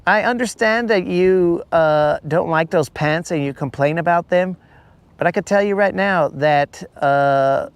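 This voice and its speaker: A man's voice: on the high side, measured pace, smooth, no echo. Rambling, teasing young-sounding man. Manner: rambling, teasing, talks to viewers as bro and guys. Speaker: fishing livestream host. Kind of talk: casual live-stream chat.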